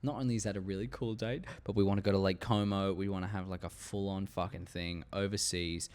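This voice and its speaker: A man's voice: sits low, fairly even intonation, brisk, darkish tone, clean tone. A young man talking casually to his viewers, rambling with restarts and frequent swearing. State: tired, yawning. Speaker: YouTube commentator. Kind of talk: casual unscripted talk to camera.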